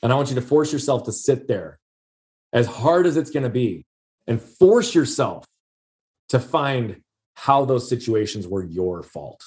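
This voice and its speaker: A man's voice: medium pitch, expressive, a little slow, a little mellow. A man telling a personal story in a conversation, earnest and emphatic, repeating key phrases for weight.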